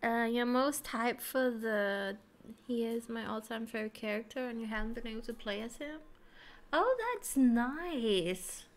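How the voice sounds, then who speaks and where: A woman's voice: fairly high pitch, steady tone, moderate pace. A woman streaming a video game, chatting and giggling to herself and her viewers at a desk mic. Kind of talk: casual live-stream chat while playing.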